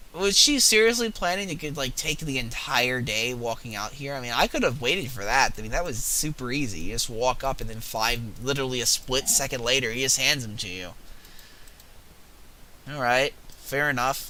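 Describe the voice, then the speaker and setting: A young man giving casual, profane, excitable commentary while playing a video game. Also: mid-range voice, normal speed, a little hiss or hum. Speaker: gaming video host.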